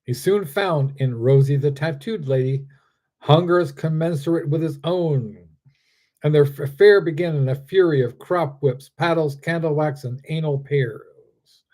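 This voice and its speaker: A man reads his own story aloud, steady and deliberate. His voice sits fairly high for a man yet sounds dark and mellow. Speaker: author reading his story.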